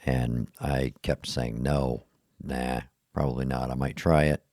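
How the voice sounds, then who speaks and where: A man's voice: a bass voice, fairly even intonation, unhurried, darkish tone, dry recording, clean studio sound. A middle-aged man talking tiredly in a rambling, self-deprecating podcast monologue, laughing at himself often. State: tired, yawning. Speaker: podcast host. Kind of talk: casual monologue.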